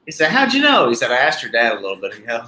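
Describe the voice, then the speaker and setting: A man hosting a casual chat, telling a joke in a relaxed, drawling way and saying "y'all". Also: mid-range voice, rapid-fire, heavy background noise. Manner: drawling storyteller with Southern "y'all". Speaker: podcast host. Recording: roomy echo, faint ambience.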